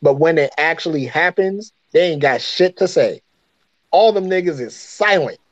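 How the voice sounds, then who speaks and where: Here a podcast co-host from Africa engages in blunt, profane, opinionated casual chat. His fairly high voice is expressive and moderately paced, captured dry but muffled, with faint noise.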